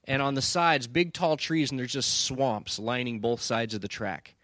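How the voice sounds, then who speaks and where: A man telling a lively story with many restarts, building toward a lesson. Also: mid-range voice, moderate pace, no room sound, clean studio sound. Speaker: speaker. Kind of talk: storytelling sermon.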